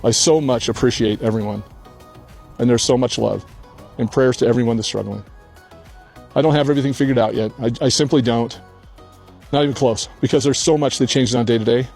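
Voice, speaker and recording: Older male vlogger, crying but earnest, mellow tone, faint music behind. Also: mid-range voice, fairly even intonation, brisk, creaky. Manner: earnest, tearful, heartfelt. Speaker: channel host. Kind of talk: emotional personal vlog. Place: outdoors on a hillside rock.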